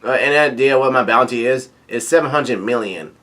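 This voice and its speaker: A man reading the lines of a smug scheming older pirate in a manga, with a quiet chuckle. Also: mid-range voice, brisk, close to an everyday voice.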